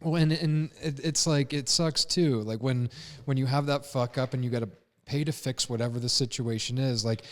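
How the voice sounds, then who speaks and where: A man's voice: mid-range voice, steady tone, normal speed, hardly any pauses, in a large hall. A man co-hosting a podcast in casual chat, agreeable and backing up the host. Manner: agreeable, backs up the host with short replies.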